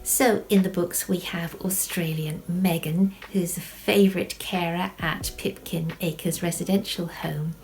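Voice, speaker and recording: Lower-pitched woman explaining writing. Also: fairly even intonation, a little mellow. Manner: measured, poses rhetorical questions then answers them. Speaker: author teaching writing. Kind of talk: explanatory video lesson.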